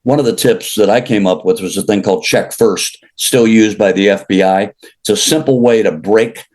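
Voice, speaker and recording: A man's voice: lowish voice, normal speed, a little mellow. An older man from Illinois, a country singer guest, telling rambling, jokey stories in a casual chat and laughing at his own tales. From Illinois, USA. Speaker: interview guest, country recording artist.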